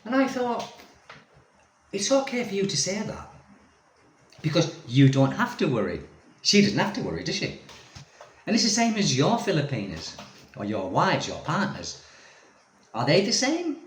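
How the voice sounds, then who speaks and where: A man's voice: a little high, huge pitch swings, normal speed, pauses often. Exasperated man ranting in echoey room. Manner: rambling, exasperated, full of tag questions. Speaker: expat vlogger. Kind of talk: casual ranting monologue to camera.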